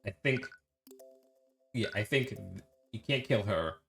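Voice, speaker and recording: A man's voice: fairly low pitch, expressive, unhurried, fairly bright tone, faint music behind. A man streaming a video game, chatting casually as he thinks aloud about the story.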